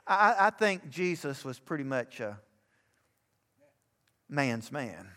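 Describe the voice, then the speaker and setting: A man's voice: medium pitch, big pitch swings, slow, pushed and bright, in a large hall. An older man from Alabama, preaching a sermon as pastor and rising to fervent emphasis.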